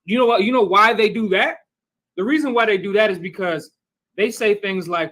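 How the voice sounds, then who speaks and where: A high, sharp-toned male voice moves fairly quickly through a scripture lesson, captured on a low-quality recording. He teaches the bible class conversationally, often checking with "right?" and inviting readers to take turns.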